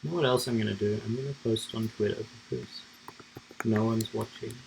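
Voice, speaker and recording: A man's voice: fairly low pitch, steady tone, fairly quick, gravelly, heavy background noise. A man streaming himself coding live, thinking aloud in a rambling, casual way with lots of fillers.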